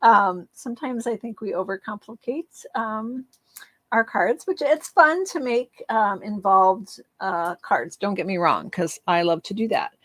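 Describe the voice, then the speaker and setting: A woman's voice: mid-range voice, animated, a little slow, fairly bright tone, no echo. A woman demonstrating card making in a casual live craft session, chatty and rambling, with frequent ums and laughs at her own slips.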